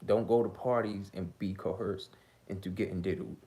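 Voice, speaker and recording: A man's voice: sits low, steady tone, moderate pace, dark tone, breathy edge. A man hosting his own commentary vlog, ranting heatedly, stammering and repeating himself. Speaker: host.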